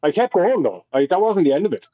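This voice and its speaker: A man's voice: sits high, big pitch swings, fast, dull audio, over a noisy crowd. A young Irish man telling a long personal story in a casual, rambling way, with lots of swearing and restarts. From Ireland. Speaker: podcast guest.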